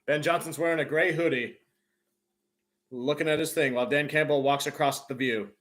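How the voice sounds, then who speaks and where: High-voiced excitable male sports fan. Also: moderate pace. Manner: excitable, bursts into loud cheers. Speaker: live stream host. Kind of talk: fan play-by-play reaction.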